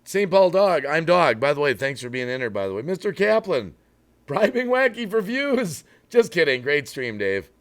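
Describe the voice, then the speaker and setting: A man's voice: high-pitched, fairly bright tone. A man hosting a live stream, ranting bluntly to his chat and breaking off to apologize for getting worked up. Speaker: livestream host.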